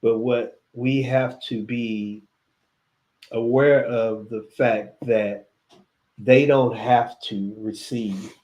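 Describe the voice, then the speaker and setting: A man's voice: medium pitch, fairly even intonation, extremely slow, a little mellow, muffled recording. Reflective man giving advice on a podcast. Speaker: podcast co-host, DJ. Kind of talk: casual chat.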